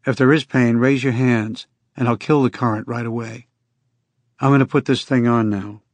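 Man doing a calm, stern reverend. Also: medium pitch, dry recording, close to an everyday voice. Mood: reassuring. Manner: measured, reassuring instructions. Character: calm, careful male reverend healer, stern.

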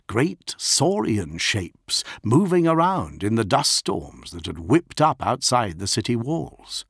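A man reading a science fiction audiobook in a measured, dramatic way. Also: mid-range voice, husky, no room sound, studio quality. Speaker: audiobook narrator. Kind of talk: scripted narration of science fiction.

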